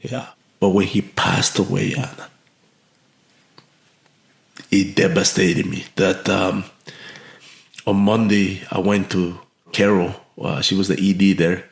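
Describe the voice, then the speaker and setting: Low-voiced guy from mexico telling his story, earnest, roomy echo. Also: level tone, slow, vocal fry, long pauses. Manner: earnest, with many restarts and fillers. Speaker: podcast guest. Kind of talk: storytelling in an interview. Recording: echoey room.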